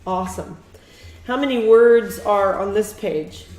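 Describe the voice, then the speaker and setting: Lady reading teacher, slow and patient, cheering a kid on, echoey room. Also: medium pitch, a little mellow. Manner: patient, encouraging, praising often. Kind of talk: one-on-one reading lesson. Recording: echoey room with faint noise.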